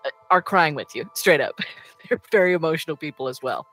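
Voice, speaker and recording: A woman narrating a tabletop game as game master, chatty and quick, laughing often. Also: sits low, lively intonation, fairly bright tone, faint music behind, rough recording.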